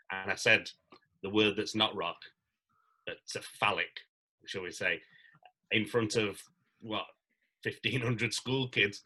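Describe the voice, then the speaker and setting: A middle-aged man, a stage actor casually telling animated anecdotes and acting out quotes. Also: fairly low pitch, slow, pauses often, rough recording. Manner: animated storyteller, acts out quotes.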